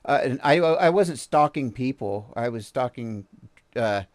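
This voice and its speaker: A man's voice: medium pitch, expressive, a little slow, darkish tone, dry recording. A man hosting a video reaction show, talking bluntly and casually, swearing now and then and chuckling often.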